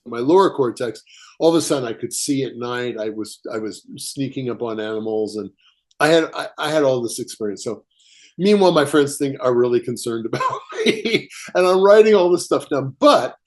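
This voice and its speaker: A man, a writer, telling a personal story as a podcast guest, animated and chuckling as he acts out quotes. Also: medium pitch, normal speed. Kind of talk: casual storytelling interview.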